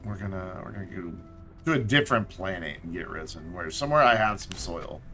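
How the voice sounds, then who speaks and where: Man streaming a game, chatty and lively. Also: low-pitched, fairly quick, soft background music. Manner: chatty, talks to himself and to objects in the game; mumbles and repeats himself while thinking aloud. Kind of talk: casual live commentary while playing.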